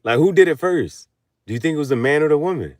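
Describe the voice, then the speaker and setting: A man in a casual late-night monologue who talks animatedly and laughs often, moving between low mutters and loud outbursts. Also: animated, fast talker, no room sound, studio quality. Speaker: vlogger.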